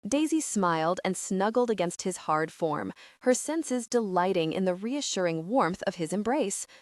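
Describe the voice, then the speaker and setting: A woman narrating a historical romance audiobook in an even, measured reading. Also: medium pitch, dry recording, studio quality. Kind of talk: scripted narration.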